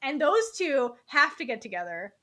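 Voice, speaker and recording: A woman's voice: high voice, very animated, moderate pace, pushed and bright. A woman co-hosting a casual book club chat, talking eagerly and rambling with many fillers. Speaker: podcast co-host.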